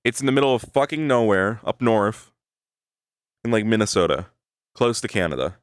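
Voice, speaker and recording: A man's voice: lowish voice, expressive, normal speed, clear, resonant tone, no room sound, clean studio sound. A male streamer chatting casually with his viewers, thinking aloud, swearing freely and tagging his sentences with "right?". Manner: rambling, swears freely, keeps adding "right?"; talks to his chat while thinking aloud. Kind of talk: casual live-stream chat.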